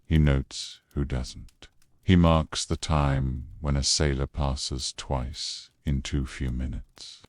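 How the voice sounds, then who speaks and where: Man, very deep voice, slow calm bedtime narration, dry close mic. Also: dry recording. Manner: low, calm, unhurried delivery.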